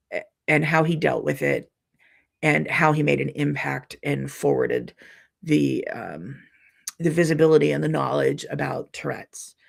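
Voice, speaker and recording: A woman's voice: low-pitched, gravelly, breathy edge. A middle-aged woman hosting a casual live stream, chatting in a rambling way with frequent ums and restarts while reading viewer comments. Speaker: quilting channel host reading live comments.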